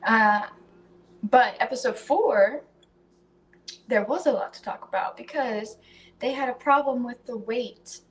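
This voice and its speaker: A woman's voice: on the high side, unhurried, long pauses. A woman hosting a podcast in casual chat, talkative, swearing freely and poking fun at herself. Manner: chatty, swears freely, self-mocking. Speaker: podcast host.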